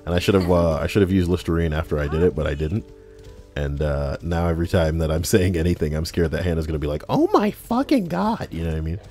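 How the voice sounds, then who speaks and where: A man's voice: rumbling low, steady tone, fast, mellow, faint music behind. A man hosting a casual podcast while gaming, rambling and swearing freely as he reads chat aloud. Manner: rambling, profane, many fillers. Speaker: podcast host and streamer.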